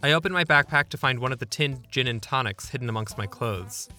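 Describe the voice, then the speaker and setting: A man's voice: medium pitch, a little fast, sharp tone, faint music behind. A young man narrating his own memoir in a wry, self-deprecating, conversational way. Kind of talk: memoir storytelling.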